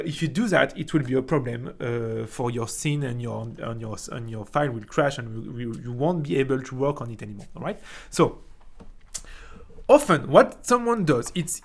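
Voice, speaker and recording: A young man from France with a French accent, casually teaching 3D software in a chatty way, often tagging "right?" and restarting his sentences. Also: fairly high pitch. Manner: chatty, frequent "right?" tags, many restarts. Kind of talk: casual screen-recorded software tutorial.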